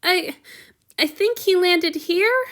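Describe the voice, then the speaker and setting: Woman reader playing a tearful young servant man, raised high and strained, stammering through sobs. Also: expressive, takes it slowly, a bit bright, heavily acted. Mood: shaken. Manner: stammering, sobbing, pleading. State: crying.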